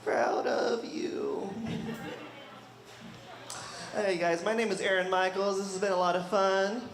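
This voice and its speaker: A man's voice: high-pitched, little pitch movement, a little fast, music in the background. Gay male comedian doing stand-up. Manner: self-deprecating punchlines, frequent "you know". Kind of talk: stand-up set. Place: studio stage before a live audience. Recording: roomy live room with crowd.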